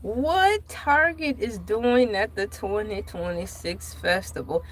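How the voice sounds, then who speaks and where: A woman's voice: mid-range voice, takes it slowly, few pauses, poor audio. A woman hosting a casual vlog, reading news aloud and breaking off for playful, joking asides. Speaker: vlog host.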